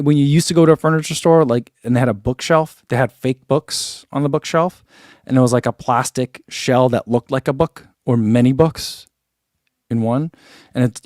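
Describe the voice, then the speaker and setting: A man's voice: medium pitch, a little mellow, no room sound, studio quality. A man who reviews running shoes, chatting casually through an unboxing and thinking aloud with lots of fillers.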